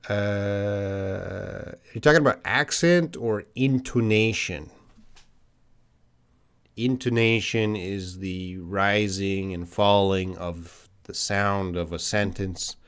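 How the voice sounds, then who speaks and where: A middle-aged Canadian man with a fairly low voice teaches English on a live stream. He speaks very slowly, answering chat questions one by one. He pauses often with ums and hmms while he thinks things through. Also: fairly even intonation, a bit bright, clear, resonant tone. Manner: slow, patient, stops to think with ums and hmms.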